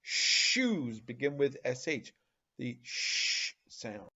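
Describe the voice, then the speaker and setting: A male teacher walks young children through a phonics lesson, speaking very slowly with big, lively swings of pitch. He draws out each sound and asks playful questions about pictures. The recording is slightly dull and lo-fi. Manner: slow, animated, exaggerated sounds for children.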